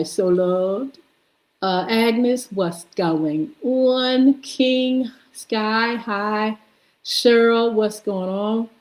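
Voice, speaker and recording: A woman hosting a live morning stream, slowly reading out and greeting viewers by name, sounding out names as she goes. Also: mid-range voice, a little mellow, low-quality recording. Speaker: host. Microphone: streaming setup.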